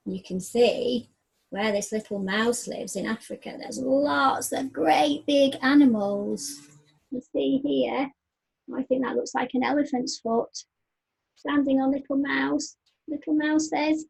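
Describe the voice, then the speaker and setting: A woman teacher reading a picture book aloud to young children, with animated, sing-song storytelling and puppets. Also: sits high, a little slow, gravelly. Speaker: primary school teacher.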